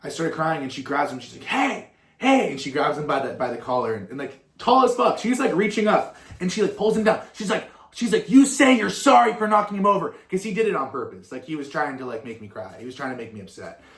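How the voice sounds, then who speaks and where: A young male musician chats loosely through viewer questions, drifting off on tangents and swearing freely. His voice sits at an ordinary middle pitch. The recording carries a noticeable roomy echo. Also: quick pace, hardly any pauses, a bit bright. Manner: rambling and swearing, full of fillers and tangents. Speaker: musician and content creator. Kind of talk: casual Q&A chat.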